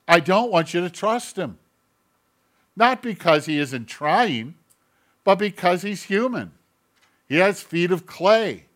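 Man, pastor, sermon, fairly high-pitched voice, quiet asides, emphatic rises. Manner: preaching with sudden quiet asides and rising emphasis.

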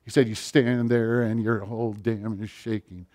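A middle-aged man preaching a sermon, rising to loud passages and dropping to near-whispers. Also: lowish voice, level tone, normal speed. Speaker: pastor.

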